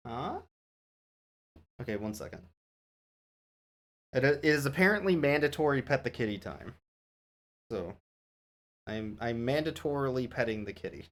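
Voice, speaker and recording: A man's voice: mid-range voice, lively intonation, moderate pace, long pauses, soft background music. A man streaming a video game, chatting casually with his viewers, swearing and laughing, and cooing at his cat. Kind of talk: casual gameplay commentary.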